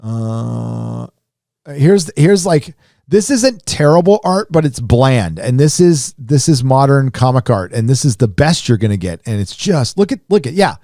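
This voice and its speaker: A man's voice: medium pitch, measured pace, gravelly, dry recording, clean studio sound. Rambling man hosting a live stream. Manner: rambling, animated, many fillers and restarts. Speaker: live show host. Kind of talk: casual live-stream commentary.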